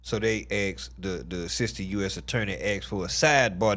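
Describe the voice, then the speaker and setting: A man hosting a casual livestream commentary, animated and profane, full of exclamations. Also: fairly low pitch, a little fast, hardly any pauses.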